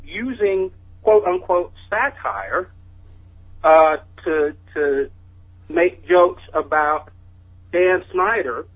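A man calling in to a radio show, earnest and halting, with lots of stammered restarts. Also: high-pitched. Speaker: caller. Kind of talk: phone-in call. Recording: tinny phone line.

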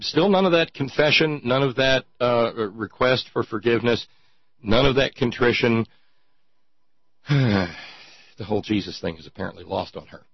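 A man's voice: mid-range voice, normal speed, husky, no echo. A man hosting a talk show, delivering sarcastic political commentary and reading quotes aloud in a mocking raised voice. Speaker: podcast host. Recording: dull lo-fi sound, dry.

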